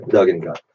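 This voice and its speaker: A man in his late thirties with a stuffy nose from allergies, telling rambling, profane stories on a late-night live stream while drinking. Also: low-pitched. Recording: dull, muffled default mic.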